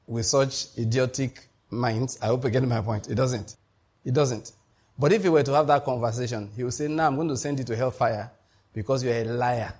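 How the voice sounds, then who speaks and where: A man delivering a sermon in a mid-range voice. He preaches emphatically, climbing higher and louder on his key points, and keeps asking the congregation to follow along and repeat after him. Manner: emphatic preaching, rising in pitch and volume to drive points home; asks the congregation to repeat and confirm. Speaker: pastor.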